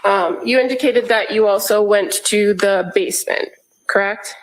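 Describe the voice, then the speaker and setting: A woman's voice: medium pitch, moderate pace. Woman lawyer questioning a witness, methodical, ums a lot, roomy courtroom echo. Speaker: prosecutor. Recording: echoey courtroom audio.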